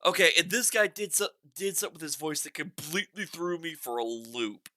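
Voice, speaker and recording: A man hosting a music reaction video, chatting excitedly and rambling through his thoughts, with faint music behind him. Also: a little high, brisk. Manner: excitable and rambling, with many restarts and bursts of enthusiasm. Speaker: music reaction channel host. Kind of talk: casual reaction commentary. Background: faint music from the song being reacted to.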